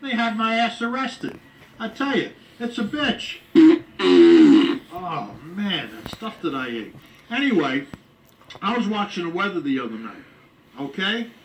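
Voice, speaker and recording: A man's voice: sits high, sing-song, measured pace, long pauses, fairly bright tone, distant mic, a little hiss or hum, rough recording. A man delivering a rambling comic monologue straight to the camera, brash and full of groans, asides and complaints. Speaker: comedian.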